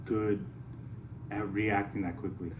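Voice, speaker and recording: A man's voice: fairly low pitch, little pitch movement, a little slow, far from the mic, a little hiss or hum. A man talking with a podcast host in a laid-back, joking way. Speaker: podcast guest. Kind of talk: casual podcast chat. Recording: dull lo-fi sound from off the mic.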